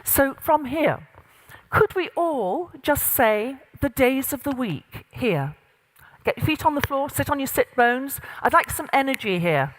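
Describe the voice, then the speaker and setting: A middle-aged woman runs a live workshop, calling out exercises and directions to a seated group. Her voice sits fairly high. The sound rings with the long reverb of a large hall. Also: measured pace. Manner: lively, directive, demonstrating with exercises. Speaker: voice and presence coach. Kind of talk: interactive workshop instruction. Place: large room with an audience.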